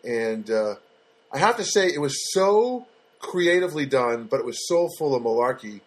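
A man's voice: medium pitch, expressive, normal speed. A man hosting a casual solo podcast from his apartment, talking in a loose, rambling way with many fillers and restarts. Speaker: podcast host. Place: studio apartment.

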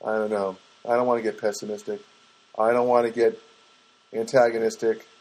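A man's voice: on the low side, little pitch movement, a little fast, a little mellow, poor audio. A man in a rambling, casual monologue, hesitant and full of restarts, with wry asides. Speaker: vlogger.

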